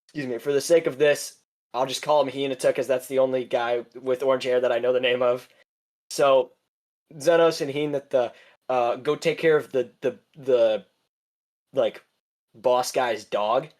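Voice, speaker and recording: A man's voice: medium pitch, steady tone, moderate pace, darkish tone. A young man rambles through a casual podcast chat, full of fillers and restarts. He swears freely and keeps a loose, offhand delivery. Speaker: podcast co-host.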